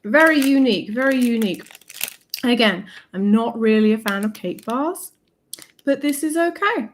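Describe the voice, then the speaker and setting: A young woman, the host, chatting playfully and softly as she tastes sweets on a livestream at home. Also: on the high side, expressive, normal speed, a little hiss or hum. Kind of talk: live-stream food tasting chat.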